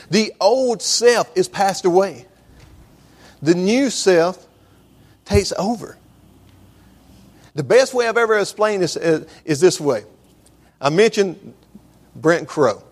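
A man's voice: high-pitched, expressive, takes it slowly, long pauses. A man preaching a sermon in a conversational, storytelling way, often restarting his sentences.

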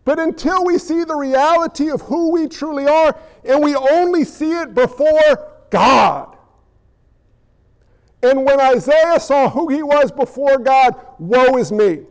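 A male pastor delivers a sermon with a strikingly high-pitched voice and a slow, deliberate pace. He leans hard on rhetorical questions and moves between forceful declarations and quiet, hushed asides.

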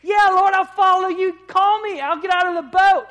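Preacher putting on a loud eager disciple, pitched way up, bold and excited. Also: normal speed.

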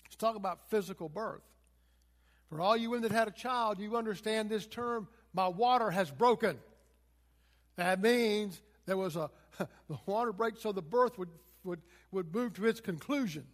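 High-voiced preacher in a reverberant hall. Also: male voice. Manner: expository preaching, retells scripture in plain everyday words. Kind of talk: sermon.

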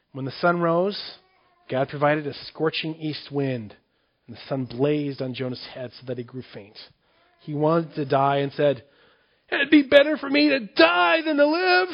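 A man preaches in an easy, conversational way and breaks into the quoted lines with sudden leaps in pitch. His voice sits fairly high. The recording sounds dull and lo-fi. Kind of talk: sermon on scripture.

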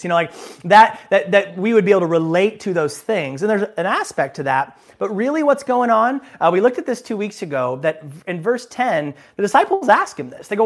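A man preaching a sermon in a relaxed, chatty way, his pitch rising and falling a great deal as he explains. He jokes easily and pokes fun at himself between points. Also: fairly quick. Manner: conversational and joking, with self-deprecating asides. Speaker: pastor.

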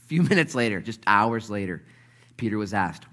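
Animated bright-voiced male preacher. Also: fairly low pitch, normal speed. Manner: lively storytelling, acts out voices, swings between hushed and loud. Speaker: pastor. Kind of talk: sermon.

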